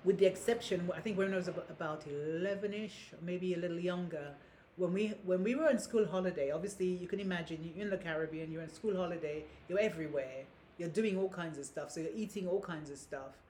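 A woman's voice: fairly low pitch, fast talker, warm tone, slight background noise. A woman from Grenada, a guest telling casual family stories, rambling with many restarts and fillers. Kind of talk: casual storytelling. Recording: roomy echo.

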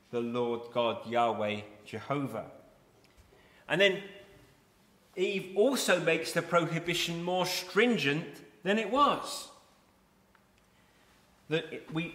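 A man with a bright, fairly high voice preaches a sermon, reading scripture and then unpacking it line by line. His voice rings through a large echoey hall with a long reverb tail. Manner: expository, reads scripture aloud then explains it.

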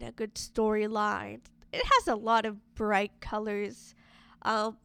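A woman's voice: a little high, clean tone, no room sound. A young woman casually discussing a movie, chatty and full of filler words.

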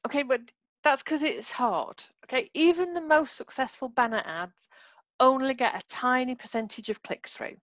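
A woman's voice: sits high, moderate pace, a bit bright, no echo, lo-fi sound. A woman co-hosting a podcast who explains patiently in a casual chat and laughs often. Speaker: podcast co-host, marketing expert.

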